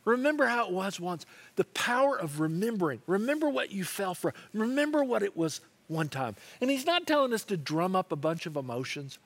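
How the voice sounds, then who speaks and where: A man's voice: sits high, brisk, hardly any pauses. A middle-aged male pastor preaching a sermon, telling stories and acting out the voices of people he quotes. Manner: animated storytelling, acts out quoted voices.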